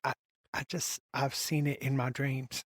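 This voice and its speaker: A man voicing a shy, timid woman who speaks in a quiet, halting, stammering way about visions from her dreams during a tabletop game. He keeps close to his own voice. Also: medium pitch, level tone, dry recording, close to an everyday voice.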